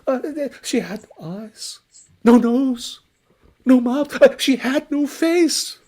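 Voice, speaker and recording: A man's voice: slow pace, darkish tone, full character voice. A man doing a shrieking terrified merchant. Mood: panicked. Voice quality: high shrieking stammer. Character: panicked terrified young merchant man, breathless.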